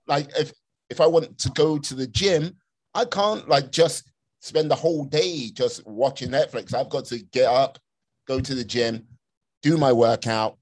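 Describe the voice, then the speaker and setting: A man hosting a podcast, talking casually and rambling with lots of fillers about discipline. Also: medium pitch.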